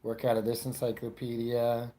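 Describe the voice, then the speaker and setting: With a mellow, monotone, medium-pitched voice at normal speed, a Floridian man in his 40s works through his stand-up set. His storytelling meanders and is full of self-interruptions.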